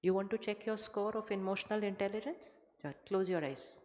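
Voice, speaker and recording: A woman giving a spiritual talk to a live audience, measured and conversational, often putting questions to the listeners. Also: mid-range voice, fairly even intonation, darkish tone. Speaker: spiritual speaker. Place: large hall with an audience. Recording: hall reverb from a stage mic.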